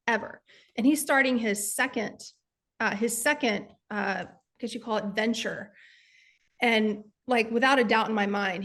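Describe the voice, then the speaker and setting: A woman's voice: a little high, fairly bright tone. A woman, earnestly telling motivational stories as a guest and sales coach. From Texas. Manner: earnest, emphatic, addresses listeners as y'all. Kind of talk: motivational storytelling.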